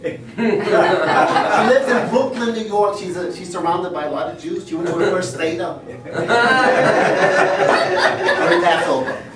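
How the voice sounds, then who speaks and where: A middle-aged man giving a humorous prepared speech to a club, playful and laughing between lines. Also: sits high. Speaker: club speaker. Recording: echoey room, far mic.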